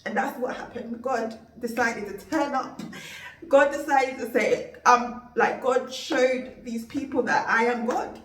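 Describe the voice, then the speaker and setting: A woman's voice: a little high, measured pace, fairly bright tone, slight background noise. Woman telling a heartfelt story. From Jamaica. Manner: heartfelt, rambling, faith-filled retelling. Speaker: vlogger. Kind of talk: emotional storytime monologue. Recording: roomy, distant from mic.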